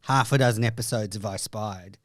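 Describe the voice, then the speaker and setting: A man's voice: lowish voice, fairly quick, no echo, studio quality. A man hosting a podcast, asking a guest questions in a chatty, encouraging way. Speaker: podcast host, interviewer. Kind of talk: casual interview.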